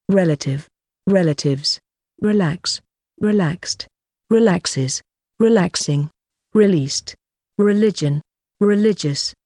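A woman reading a vocabulary list aloud, one word at a time, slowly and deliberately. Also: fairly low pitch, warm tone, no room sound, clean studio sound. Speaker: vocabulary reader.

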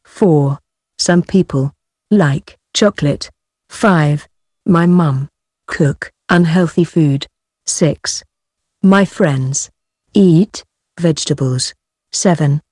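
A woman reads grammar exercises from a workbook aloud, taking each word slowly and deliberately. Her voice sits a little low and sounds mellow. The recording is dry and close. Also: husky, no room sound. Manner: slow, careful, deliberate reading. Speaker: textbook reader.

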